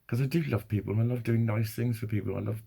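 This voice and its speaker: Husky, gravelly man rambling. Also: lowish voice, steady tone, fast talker, warm tone. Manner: rambling, sweary, self-deprecating. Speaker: vlogger. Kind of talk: casual monologue.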